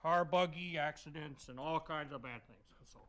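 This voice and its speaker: A man's voice: on the high side, a bit bright, lightly acted. A man playing a jolly old Santa Claus. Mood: earnest. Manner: slow, deliberate safety advice between hearty ho-ho-hos. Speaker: guest character on a local kids' show. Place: local public access TV studio.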